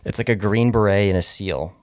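A man with a very deep voice chats casually as his wife's podcast co-host. He talks haltingly and trails off mid-thought, in a dry room with no echo. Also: darkish tone. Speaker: host's husband, co-host.

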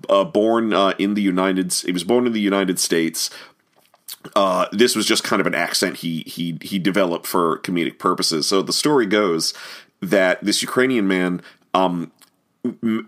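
Deep-voiced rambling male commentator. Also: fairly bright tone. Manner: rambling, many fillers. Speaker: commentary host. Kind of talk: film commentary.

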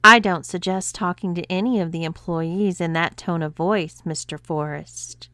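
A woman's voice: lowish voice, normal speed, bright, forceful tone, dry recording. A woman voicing a stern, commanding female cruise director who speaks with cool, controlled authority.

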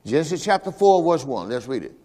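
In a large hall, a pastor with a fairly high pitch and dark tone preaches at a quick, sing-song pace. His sermon invites the congregation to respond, and he repeats "all right" in call-and-response style.

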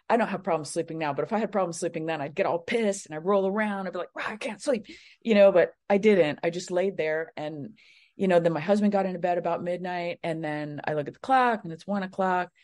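A woman's voice: fairly low pitch, darkish tone. A middle-aged woman, a guest on an interview show, telling a personal story casually, with many fillers and rambling asides. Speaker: guest, psychic medium.

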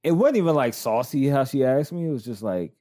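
Man in his thirties, from the South, podcast host, rambling casual storytelling, mid pitch. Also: lively intonation, a little fast, mellow. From American South. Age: 30s. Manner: loose, rambling storytelling with restarts. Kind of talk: casual chat.

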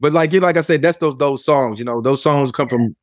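Man, middle-aged, quick talker, laid-back storyteller, interview guest. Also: medium pitch, no echo, studio quality. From Memphis, Tennessee, USA. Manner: laid-back storytelling, frequent "you know what I'm saying". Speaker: rapper and producer, interview guest. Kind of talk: casual interview conversation.

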